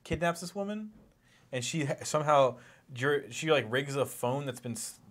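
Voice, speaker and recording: A man's voice: on the high side, animated, moderate pace, a bit bright. A man co-hosting a casual pop-culture podcast, rambling through stories, restarting sentences and laughing at his own jokes. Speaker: podcast co-host.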